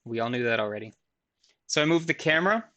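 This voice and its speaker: A man lecturing while he demonstrates software on screen, his voice bright and clear. He talks in a loose, casual way, full of fillers, and makes fun of himself now and then. Keyboard and mouse clicks can be heard behind him. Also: mid-range voice, animated, quick pace, slight background noise. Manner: casual, self-deprecating, filler-heavy. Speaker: university lecturer. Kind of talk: recorded lecture with live software demo.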